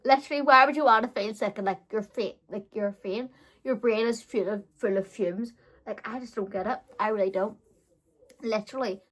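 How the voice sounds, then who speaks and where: A woman's voice: mid-range voice, normal speed, fairly bright tone. A woman telling a casual storytime vlog as a beauty vlogger, chatty and giggly, peppering her talk with fillers.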